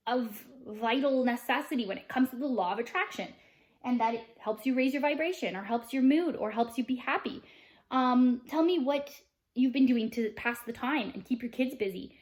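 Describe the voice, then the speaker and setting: A woman's voice: a little high, normal speed, a little mellow, reverberant. Chatty upbeat woman. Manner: chatty and upbeat, many fillers. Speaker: vlogger, mother of boys. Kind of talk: casual chat to camera.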